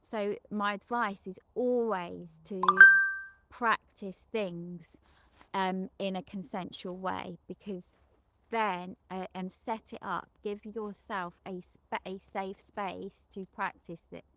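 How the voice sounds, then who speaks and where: A woman's voice: mid-range voice, steady tone, slow, a bit bright. A middle-aged woman, a sex therapist, frankly recounting a client session in a loose, rambling way with many restarts. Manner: rambling, frequent restarts and self-corrections; frank and unembarrassed on explicit topics.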